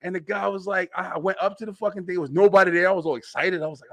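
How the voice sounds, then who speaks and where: A young man hosts a web show, racing through funny stories in a loose, profane style with vocal fry and a dry, roomless sound. He's animated and laughs often, and his voice swings high when he gets excited.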